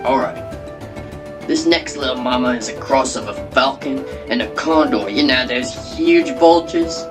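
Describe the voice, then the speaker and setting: A man's voice: mid-range voice, normal speed, lightly acted. A man voicing a brash male hybrid-animal breeder with a put-on Australian accent, boastful and blustery. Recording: background guitar music.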